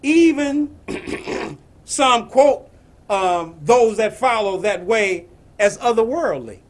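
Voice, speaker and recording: A man giving a spiritual message, slow and emphatic, repeating his phrases. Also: sits high, animated. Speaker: spiritual teacher.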